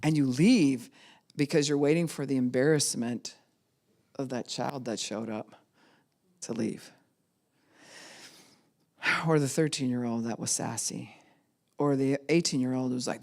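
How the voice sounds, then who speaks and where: A middle-aged woman pastor giving a sermon, animated and acting out the voices of the people she quotes. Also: extremely low pitch, unhurried, creaky, long pauses. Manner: animated, acts out quoted voices of kids and adults.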